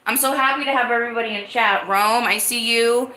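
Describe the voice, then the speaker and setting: A woman's voice: a little high, steady tone, fairly quick, sharp tone, echoey room. A woman hosting her own live-stream podcast, talking casually and greeting viewers in the chat. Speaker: livestream podcast host.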